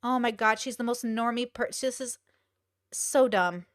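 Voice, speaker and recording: A young woman hosts a casual live stream, her voice sitting slightly high. She talks bluntly and swears freely, piling up rhetorical questions. The sound is dry and close. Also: a little slow, no echo. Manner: blunt, profane and exclaiming. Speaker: streamer host.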